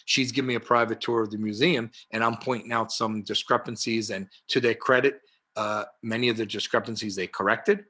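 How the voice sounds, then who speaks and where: A martial arts historian in his sixties with a New York accent joins a casual storytelling interview over a video call. He rambles through animated anecdotes, full of fillers and restarts. His voice is lowish and brisk with a breathy edge.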